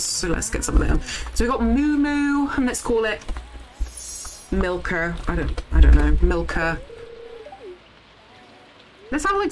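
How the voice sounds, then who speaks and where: A young woman commentating her game live, bouncing between bursts of excitement and offhand swearing as she talks to her chat. Her voice sits a little low but swoops widely in pitch, with faint game music underneath. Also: rough recording. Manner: excitable, swears freely, chats to viewers. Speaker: streamer.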